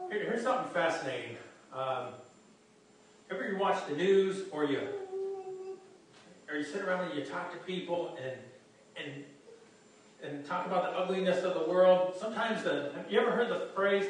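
A male pastor preaching a sermon to his congregation in an animated way, often repeating words as he restarts. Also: on the high side, normal speed. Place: church hall. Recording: echoey hall from far off, faint noise.

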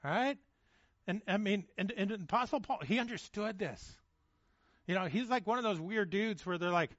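Casual, fairly high-voiced male preacher. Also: moderate pace, fairly bright tone, no room sound, lo-fi sound. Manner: casual, repeats words as he restarts, checks in with "okay?" and "right?". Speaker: pastor. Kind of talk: conversational sermon.

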